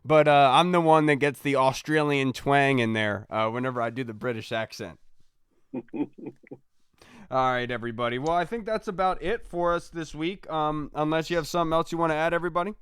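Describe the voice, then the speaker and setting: A man's voice: on the high side, a little fast, fairly bright tone, clear, resonant tone, dry recording, studio quality. A man hosting a casual sports podcast, speaking in an upbeat, chatty way. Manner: upbeat sign-off patter. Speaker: podcast host.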